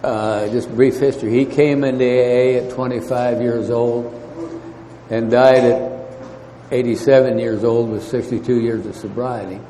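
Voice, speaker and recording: A man telling his recovery story at a meeting, halting, with many fillers and restarts. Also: medium pitch, flat delivery, dark tone. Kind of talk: storytelling talk. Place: meeting hall. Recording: faint noise, long hall reverb.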